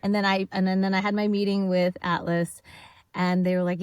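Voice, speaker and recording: A woman guest on a podcast, telling her story in a casual, animated way, acting out the people she quotes and laughing often. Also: mid-range voice, a little fast, smooth, dry recording.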